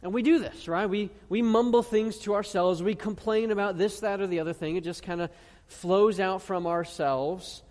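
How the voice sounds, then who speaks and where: A pastor preaching a sermon in an earnest tone. He asks the congregation questions and reads scripture slowly, stressing each phrase. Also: sits high, steady tone, a little mellow. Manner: earnest preaching with rhetorical questions and slow emphatic scripture reading. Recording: long reverb of a large hall.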